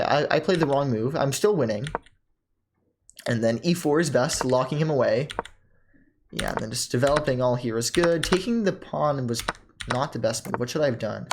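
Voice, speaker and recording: A young man talks through his own chess game at a middling pitch, thinking aloud in a loose, casual way. He stops often on "um", restarts half-finished phrases and lets out small laughs. Keyboard and mouse clicks come through clearly behind him. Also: noisy background. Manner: halting, self-correcting, many ums and laughs.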